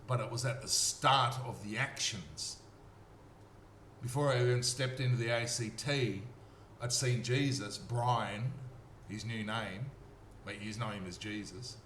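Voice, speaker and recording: A man with an Australian accent and an unhurried, medium-pitched, fairly bright voice gives an earnest, rambling personal testimony as a storyteller. He repeats himself and keeps checking in with "okay?", and the recording has roomy echo and faint noise.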